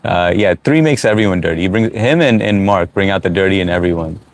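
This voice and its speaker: A man's voice: sits low, quick pace, a little hiss or hum. A middle-aged man from the United States hosting a live stream, chatting casually and reading out viewer comments with frequent fillers. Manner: relaxed, reads out chat comments, frequent uh fillers. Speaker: livestream host.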